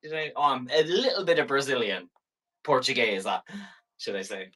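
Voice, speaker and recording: A man's voice: medium pitch, expressive, normal speed, sharp tone. A man hosting a live selling stream, chatty and playful as he rambles through each item. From Ireland.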